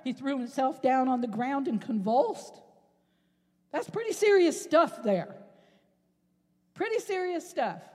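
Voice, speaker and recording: A woman preaching a sermon in an animated, rhetorical way, at times rising to a shout. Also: sits high, a little slow, long pauses. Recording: long reverb in a large hall.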